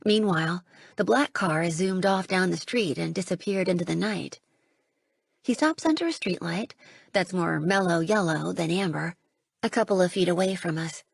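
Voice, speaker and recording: A woman reading a first-person audiobook, with a slightly husky, gravelly voice that rises for dialogue. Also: on the low side, normal speed, dry recording. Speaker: audiobook narrator.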